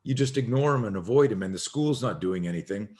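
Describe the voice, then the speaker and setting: A middle-aged man, a self-defense instructor, telling an animated story as a podcast guest and acting out the voices of the people in it. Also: lowish voice, fast talker. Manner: acts out quoted voices, swearing, emphatic.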